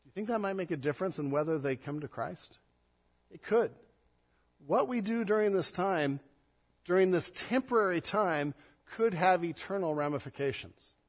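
A man, a pastor, preaching a sermon, swinging between loud emphatic stress and soft, hushed passages. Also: fairly high pitch, in a large hall.

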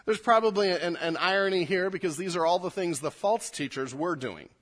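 A man preaching a sermon, moving from quiet, low asides to loud, emphatic readings of scripture. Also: brisk. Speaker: pastor.

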